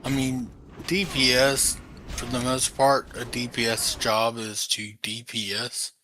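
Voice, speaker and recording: A man's voice: medium pitch, flat delivery, slow pace, pushed and bright, a little hiss or hum. A man who streams games, chatting casually and bluntly over voice chat, swearing freely. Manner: laid-back, profane, blunt. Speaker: gamer and streamer. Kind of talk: casual voice chat while gaming.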